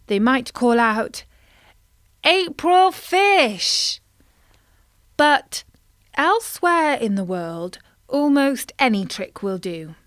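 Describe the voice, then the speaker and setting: A woman telling a children's story in a playful, expressive way. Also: a little high, no echo.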